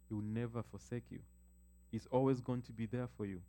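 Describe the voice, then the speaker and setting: Male pastor, warm low-key timbre, preaching with building emphasis. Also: fairly even intonation. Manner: preaching with rising emphasis, slows to read scripture. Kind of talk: sermon.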